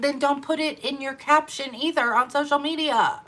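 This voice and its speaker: A woman coaching her sales team in an energetic, emphatic talk, repeating her key phrases for effect. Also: high voice, normal speed. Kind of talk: motivational business talk to camera.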